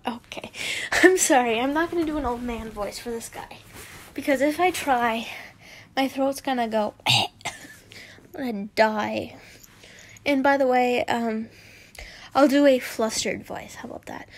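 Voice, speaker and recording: Fanfic reader woman, high pitched, slow and giggly. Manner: giggly, chatty, keeps breaking off to comment. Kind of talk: reading fanfiction aloud with chatty asides.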